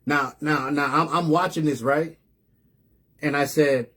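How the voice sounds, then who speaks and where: A man's voice: on the high side, fairly even intonation, a little slow, pauses often, fairly bright tone, slightly rough. A man hosting a live online show, telling a story to his audience in a casual, earnest way, often repeating and restarting words. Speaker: host of a live reseller news show.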